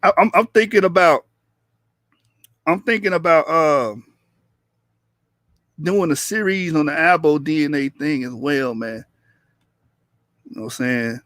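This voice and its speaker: A man with a slightly high voice hosts a casual livestream and talks straight to his chat. He teases people, laughs a lot and keeps it loose. The sound is dry and close. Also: unhurried, long pauses, a bit bright, no echo. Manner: loose, chatty, teasing, laughs often; addresses viewers in the chat directly. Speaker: livestream debate host.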